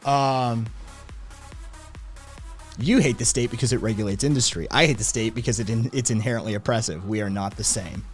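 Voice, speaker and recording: A man hosting his own show, chatting casually and profanely with his live audience in a rambling, animated way. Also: medium pitch, brisk, pauses often, soft background music. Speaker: podcast host. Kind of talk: casual livestream chat, reading chat.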